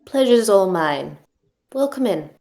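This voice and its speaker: A woman's voice: mid-range voice, lively intonation, unhurried, gravelly, darkish tone, voice pushed down. A woman voicing a poised older female monkey detective and mother, dry and self-assured in manner.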